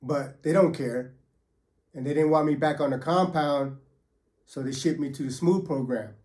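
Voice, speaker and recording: A man's voice: fairly high pitch, moderate pace, darkish tone. A man who was once a federal prisoner tells his stories in casual first person, with profane street slang and many fillers.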